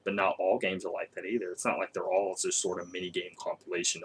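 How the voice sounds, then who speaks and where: A man talking casually about video games in an animated way, laughing often and swearing. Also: sits low, quick pace, hardly any pauses, husky. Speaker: co-host. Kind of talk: casual gaming chat.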